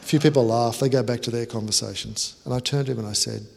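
A man's voice: mid-range voice, steady tone, quick pace, vocal fry, darkish tone. A man preaching in a conversational, self-deprecating storytelling way. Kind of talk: storytelling sermon. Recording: echoey hall reverb.

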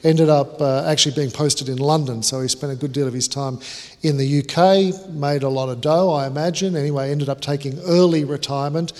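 A man's voice: on the high side, fairly even intonation, fairly quick, a little mellow. Australian male guest preacher, conversational storyteller, big reverberant chapel. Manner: chatty, self-deprecating, many restarts. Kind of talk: sermon with casual storytelling. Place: large chapel hall. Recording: chapel sermon with long hall reverb.

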